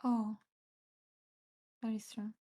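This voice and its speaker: A woman's voice: fairly high pitch, level tone, slow pace, dark tone. A woman streamer chatting casually while drawing, giggly and easily startled, with the odd swear.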